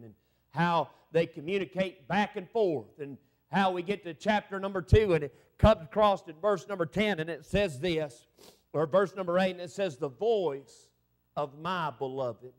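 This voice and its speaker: Middle-aged preacher, man, high voice, fervent revival delivery. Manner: fervent preaching with rising exclamations. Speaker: evangelist preacher. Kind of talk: revival sermon.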